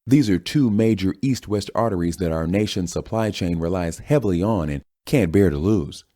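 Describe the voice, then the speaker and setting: A man voicing a poised male senator addressing the nation in a measured, official way. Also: low-pitched, mellow, dry recording, studio quality, voice pushed up.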